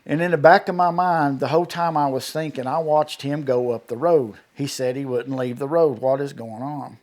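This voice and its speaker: A man, a guest telling his personal encounter story in a vivid, halting way with many restarts and acted-out quotes. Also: medium pitch, steady tone, a little mellow. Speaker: eyewitness guest.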